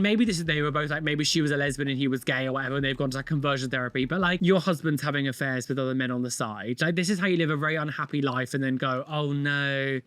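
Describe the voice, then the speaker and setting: A man hosting a reaction video, exclaiming and making camp, quick asides as he comments on clips. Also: fairly high pitch, a bit bright.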